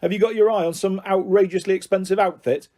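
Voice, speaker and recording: A man's voice: high-pitched, fairly even intonation, fast, dark tone, pitched above the performer's own voice, close to an everyday voice. A man voicing a bullying middle-aged father who coaxes and sneers in a taunting, menacing way. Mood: coaxing. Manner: taunting, mock-jovial then harsh.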